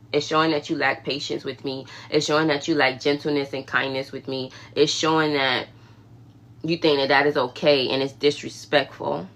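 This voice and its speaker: Female livestream host, casual faith talk, low pitch, bright sharp tone. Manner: emphatic, conversational, preachy asides.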